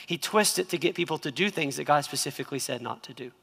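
High, bright-voiced preaching man. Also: quick pace, gravelly, slightly rough, in a large hall. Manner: emphatic, asks the congregation to repeat lines. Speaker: pastor. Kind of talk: sermon.

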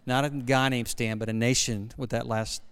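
A man's voice: medium pitch, steady tone, normal speed, clear, resonant tone. A middle-aged man preaching a sermon, talking casually and asking the congregation questions. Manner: conversational, asks the congregation questions. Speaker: guest preacher.

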